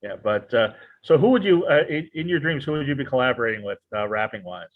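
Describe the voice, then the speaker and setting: A man hosting a podcast in casual chat, halting and stumbling over his words, cracking jokes. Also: mid-range voice, lively intonation, a little hiss or hum. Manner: halting, full of restarts and fillers, joking. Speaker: podcast host. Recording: tinny phone-like audio.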